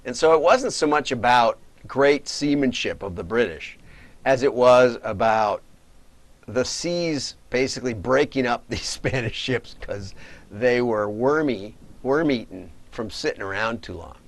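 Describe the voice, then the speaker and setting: A man's voice: mid-range voice, lively intonation, unhurried, dry recording. A middle-aged man, a data marketing consultant, casually telling rambling stories on a livestream, chuckling and correcting himself as he goes.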